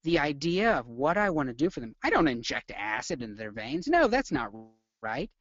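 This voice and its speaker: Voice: medium pitch, very animated, moderate pace, lo-fi sound. A nursing lecturer giving a live webinar, full of energy, quizzing the viewers and acting out symptoms.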